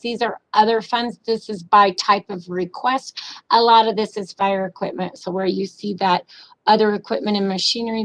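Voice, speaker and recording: A woman presenting budget figures to county commissioners at a public meeting, businesslike, hurried, with frequent ums and uhs. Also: mid-range voice, poor audio.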